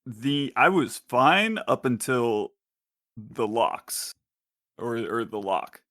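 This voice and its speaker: A man's voice: medium pitch, big pitch swings, slow, a bit bright, no echo, clean studio sound. A man co-hosting a podcast, complaining bluntly and emphatically in casual chat. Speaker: podcast co-host.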